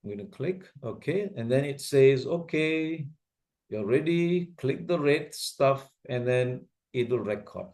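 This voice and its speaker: A man's voice: medium pitch, animated, unhurried, darkish tone. A man with an Asian English accent teaching a video-editing class step by step, patiently repeating his steps and often checking whether his learners can follow. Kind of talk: slow step-by-step software tutorial.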